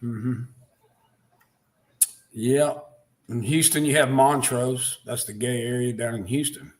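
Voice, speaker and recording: A man in a casual chat, relaxed and swearing casually as he remembers things. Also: medium pitch, takes it slowly. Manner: laid-back, swears casually.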